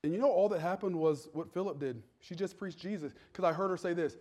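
A middle-aged male pastor delivering a sermon in a somewhat high voice. He builds to loud, ringing calls to his congregation, then drops into a soft, conversational telling of a personal story. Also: quick pace. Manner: swings from loud preaching to quiet storytelling.

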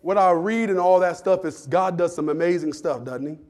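A male pastor delivers a sermon in a church. His voice sits high for a man. He jokes with the congregation in a loose, conversational way and works himself up into fervent preaching. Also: moderate pace, a little mellow. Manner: humorous, conversational preaching with rising fervor.

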